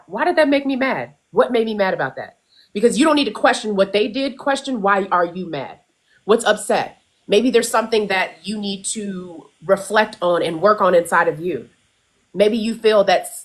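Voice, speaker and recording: A woman from the United States speaks with real emphasis, her pitch swinging widely as she presses her point. She is blunt and not shy about swearing. Her voice sits at a middling female pitch on a casual live stream. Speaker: wellness guest panelist.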